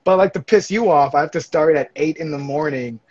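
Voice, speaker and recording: A man's voice: fairly high pitch, brisk, darkish tone, slight background noise. A young man from California, teasing his friend in casual banter, laughing and acting out quotes. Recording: dull lo-fi sound.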